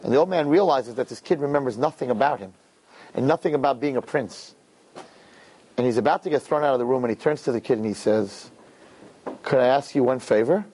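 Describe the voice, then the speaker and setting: A man telling a parable in a conversational, animated way, often checking in with "right?". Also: mid-range voice, fast, slightly rough. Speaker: storyteller. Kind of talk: animated storytelling talk.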